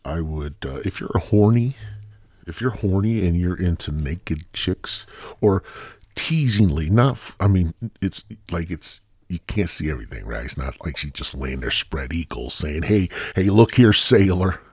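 A man hosts his podcast alone, rambling and cracking crude jokes in a very deep, husky voice that swings widely in pitch. He sounds a bit stuffy and short of breath, recorded dry and close to the mic. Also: lively intonation, moderate pace, darkish tone, dry recording. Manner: rambling, profane, joking. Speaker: podcast host. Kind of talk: solo casual podcast rant.

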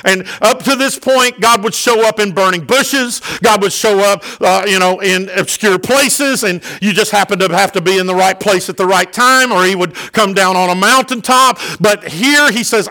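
A middle-aged male pastor preaching a sermon with fervour, rising into loud, impassioned peaks. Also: sits high, normal speed, poor audio.

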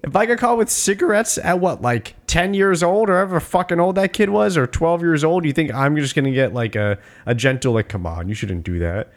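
A man's voice: fairly high pitch, expressive, brisk, few pauses. A man co-hosting a casual movie talk, swearing freely and acting out characters' lines in exaggerated voices.

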